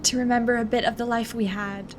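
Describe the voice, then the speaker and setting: A woman's voice: fairly high pitch, level tone, brisk, very noisy, lightly acted. A woman voicing an eerie ghostly mother who speaks in a creepy, coaxing way.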